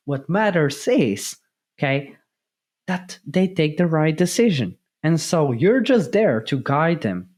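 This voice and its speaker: A man giving a motivational talk as a sales mentor, emphatic and repetitive, often checking in with "okay?". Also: fairly high pitch. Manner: emphatic, repeats key points, asks "okay?".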